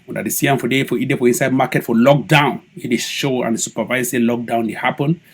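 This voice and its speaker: A man with a Cameroonian Pidgin English accent, giving live-stream commentary as an activist broadcaster, animated and mocking. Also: mid-range voice, fast talker, slightly rough. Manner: animated, mocking, swings into loud mimicry.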